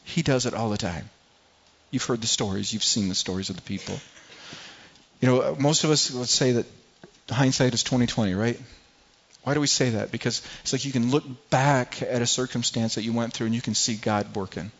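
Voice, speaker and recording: In a dull lo-fi recording, a pastor with a medium-pitched voice preaches a little fast. Earnest and repetitive, he often restarts words and reads scripture aloud to the congregation.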